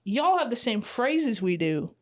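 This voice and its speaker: A woman chatting on a podcast as a guest, telling stories in an animated, quick, impatient way. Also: fairly high pitch. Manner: animated storyteller, mimics other people's voices. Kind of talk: casual chat. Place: indoor podcast studio.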